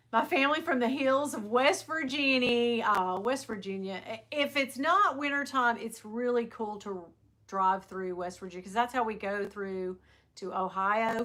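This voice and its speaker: Woman, middle-aged, livestream host, casual chat, animated storyteller, quick impressions, fairly high pitch, bright forceful tone. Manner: animated storyteller, laughs often, mimics people.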